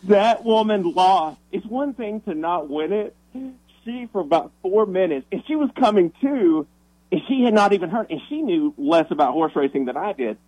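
Excitable man telling a story on the radio. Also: sits high, dry recording, poor audio. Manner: animated, excitable storyteller with quick restarts. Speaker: guest minister telling a story.

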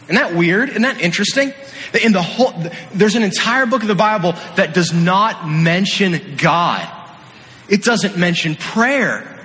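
A man preaching an animated sermon, telling the story with energy and playfully acting out the scenes, in a large echoey hall. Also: sits high, measured pace. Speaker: youth pastor.

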